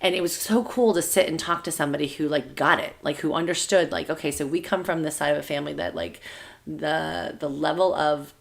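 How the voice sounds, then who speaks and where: Woman, 30s, podcast co-host, fast talker, slightly low voice, filler-heavy, laughs easily. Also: gravelly. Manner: chatty, lots of fillers, laughs while telling stories. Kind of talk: casual chat.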